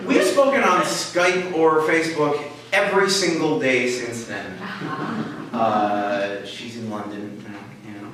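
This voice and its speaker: Halting, wry man telling a story live. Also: mid-range voice. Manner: halting, full of fillers and restarts; self-mocking, wry. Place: small live venue with an audience. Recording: echoey room, mic far off, faint hiss.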